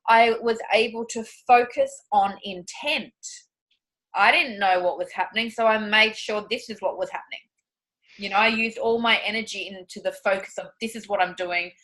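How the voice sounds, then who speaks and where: A woman teaching a class, guiding a meditation in a slow soothing cadence and then talking it over with students on a video call. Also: mid-range voice, pushed and bright, rough recording. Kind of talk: guided meditation and group discussion.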